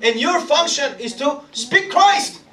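High-voiced playful preacher in an echoey hall. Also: male voice, lively intonation, slow, pushed and bright. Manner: playful, teasing, laughs often, calls for responses. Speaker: pastor leading Bible study. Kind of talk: interactive sermon with congregation. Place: church hall with congregation. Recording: echoey room, from far off, crowd.

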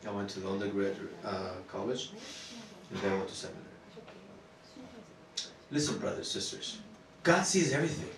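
Earnest Korean-accented pastor in a roomy hall. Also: male voice, on the low side, expressive, a little fast, long pauses, crowd noise. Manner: earnest, repetitive, builds to loud exclamations. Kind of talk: sermon. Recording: roomy church hall, distant mic.

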